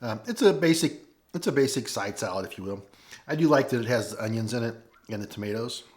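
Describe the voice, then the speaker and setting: A chatty man with a St. talks through a food review, his pitch rising and falling a lot. He sounds folksy and easygoing, and he breaks off here and there to taste something. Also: animated, fast talker. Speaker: food vlogger. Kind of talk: casual food review vlog. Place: at home.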